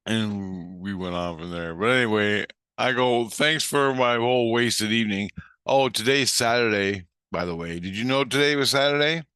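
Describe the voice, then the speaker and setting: A man with a low voice and a bright, forceful edge rants profanely through a rambling monologue. He acts out both voices of a conversation, and the recording is dry and close. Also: moderate pace, smooth, no room sound. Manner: profane, ranting, animated retelling; acts out both sides of the dialogue. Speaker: vlogger.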